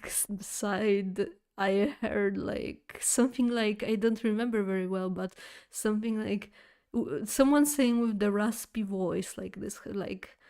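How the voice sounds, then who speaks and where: A woman streamer telling a story to her chat in an easy, unhurried way. She rambles, trips over her words and restarts often, with plenty of fillers and little giggles. Her voice sits at a middle pitch. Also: dark tone, clear, resonant tone.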